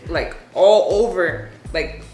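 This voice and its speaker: Low-voiced woman telling blunt stories. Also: takes it slowly. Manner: animated, blunt and profane, laughs often. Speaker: tattoo artist, guest. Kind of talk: casual storytelling chat. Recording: roomy echo with faint music.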